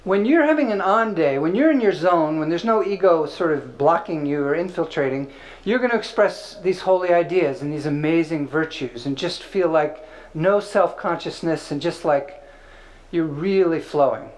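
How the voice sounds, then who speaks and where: High-voiced man giving a casual spiritual talk. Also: moderate pace, darkish tone, poor audio. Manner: conversational and playful, with filler words. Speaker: spiritual teacher. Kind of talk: informal spiritual teaching talk.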